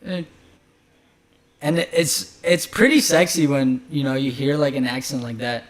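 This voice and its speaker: Male chef host, casual rambling chatter, lots of ums, mid-pitched. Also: measured pace. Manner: loose, rambling, filler-heavy. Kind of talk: casual chat.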